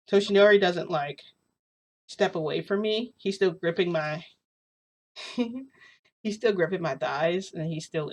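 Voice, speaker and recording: A woman's voice: on the low side, fairly bright tone. A woman telling a casual story in a rambling, giggly way, full of fillers and restarts.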